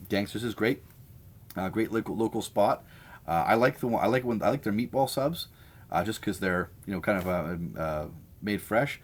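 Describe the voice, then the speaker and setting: A man hosting a casual live stream, chatting and answering viewer comments with opinionated enthusiasm. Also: lowish voice. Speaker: host of a live sandwich stream.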